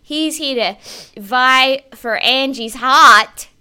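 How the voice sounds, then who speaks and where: A woman's voice: high-pitched, drawn-out words, bright, forceful tone, clear, resonant tone. A woman co-hosting a podcast, chatting casually about a TV show, laughing often and swearing freely. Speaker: podcast co-host. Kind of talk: casual chat recapping a TV show.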